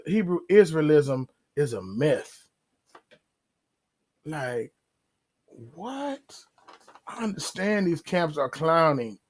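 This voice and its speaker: Animated man with a higher voice. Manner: animated, drawn-out emphasis and acted-out asides. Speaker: podcast host. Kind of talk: casual religious commentary.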